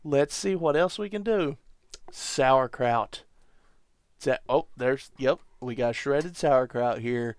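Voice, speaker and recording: A man's voice: mid-range voice, takes it slowly, smooth, no room sound, studio quality. A man hosting a podcast, rambling through a comic monologue with wry, self-mocking asides. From United States. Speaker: podcast host.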